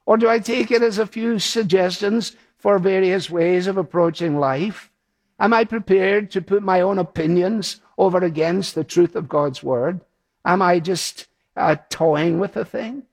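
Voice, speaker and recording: A man's voice: high-pitched, measured pace, creaky. A man preaching a sermon, earnest and emphatic, repeating his key phrases.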